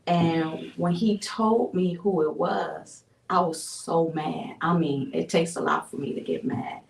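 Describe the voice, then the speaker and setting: A woman from Buffalo, New York sharing a personal testimony as an interview guest, telling her story in an animated way with frequent laughs. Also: on the low side, measured pace, vocal fry. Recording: roomy sound from a distant mic.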